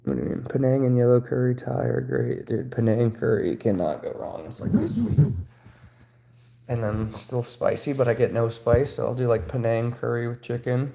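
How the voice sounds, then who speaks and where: A man's voice: medium pitch, normal speed, vocal fry, warm tone, slight background noise. A man in his thirties chatting casually on a livestream, rambling and joking crudely. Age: 30s. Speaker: streamer.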